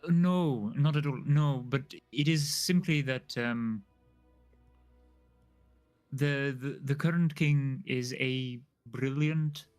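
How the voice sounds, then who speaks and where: A man voicing a slow, formal dwarf noble. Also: mid-range voice, clear, resonant tone, soft background music, lightly acted. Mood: earnest. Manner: formal, hesitant, fills pauses with "um". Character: formal male dwarf noble, measured and secretive.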